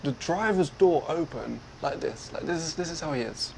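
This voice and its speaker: Animated man telling a story. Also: on the high side, normal speed, vocal fry, a little hiss or hum, rough recording. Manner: animated, acts out other people's lines. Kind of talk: casual retelling.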